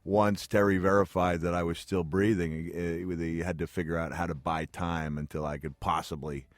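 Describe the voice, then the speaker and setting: A middle-aged man with a very low voice talks as a guest on a studio radio interview. He tells long stories in a chatty, self-deprecating way and laughs often. The sound is close and dry. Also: flat delivery, normal speed, dry recording. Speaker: guest, retired pro wrestler. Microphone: studio mic.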